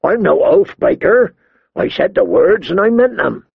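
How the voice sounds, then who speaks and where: A stubborn young recruit, firm and insistent, voice lifted above the narrator's, as a man voices him. Gravelly texture, dull dry recording. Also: high voice, big pitch swings, a little slow, no echo, voice pushed up, exaggerated voice. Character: young male recruit, stubborn and oath-proud.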